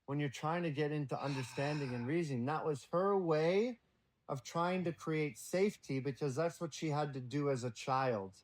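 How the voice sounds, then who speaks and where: Man, guest on a podcast, a bit higher voice than most, swears freely and tells stories with gusto. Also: moderate pace. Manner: blunt and profane, lively storytelling. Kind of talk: casual podcast conversation.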